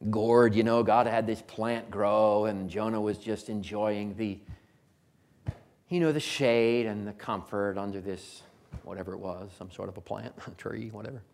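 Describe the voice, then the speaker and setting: A man preaching a sermon in a folksy, conversational way, chuckling now and then and building to loud, emphatic declarations. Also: lowish voice.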